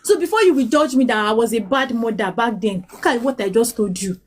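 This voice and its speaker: High-pitched nigerian lady in her 30s, english and pidgin mixed, pleading, stops and restarts a lot. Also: a little fast. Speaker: mother telling her life story. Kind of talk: emotional personal testimony.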